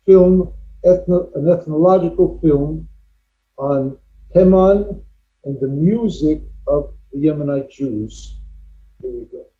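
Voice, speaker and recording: A man's voice: fairly high pitch, dull audio. A man giving a live talk, introducing a film with hesitant speech, fillers and restarts. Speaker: lecturer presenting a film.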